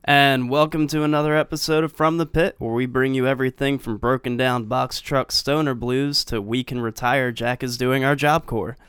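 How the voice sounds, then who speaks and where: Laid-back, very clear-voiced male podcast host. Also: mid-range voice, steady tone, moderate pace, few pauses, fairly bright tone. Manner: laid-back, swears freely, hesitant fillers. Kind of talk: casual podcast chat.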